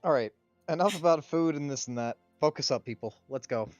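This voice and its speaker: Fast-talking man, slightly dull sound. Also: fairly high pitch, no echo, faint music behind. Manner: quick, joking, steering the group. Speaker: player. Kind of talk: tabletop role-play chat.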